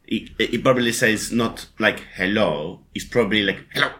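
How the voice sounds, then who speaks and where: A man joking on a podcast, speaking haltingly with broken grammar and many hesitations. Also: lowish voice, bright, forceful tone, a little hiss or hum. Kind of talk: casual comedic banter.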